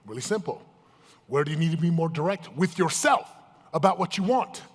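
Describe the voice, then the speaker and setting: A man's voice: fairly high pitch, lively intonation, brisk. Guy hyping up a seminar crowd, keeps firing questions at them, big echoey hall sound. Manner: emphatic, questions the crowd directly. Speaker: motivational speaker. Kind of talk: live seminar talk to an audience. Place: large event hall with live audience. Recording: echoey hall, live event.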